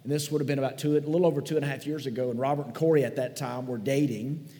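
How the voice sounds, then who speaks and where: A man's voice: medium pitch, steady tone, racing, warm tone. A man preaching a sermon as pastor, telling church memories in a conversational, folksy, sentimental way in a large church hall. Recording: long hall reverb.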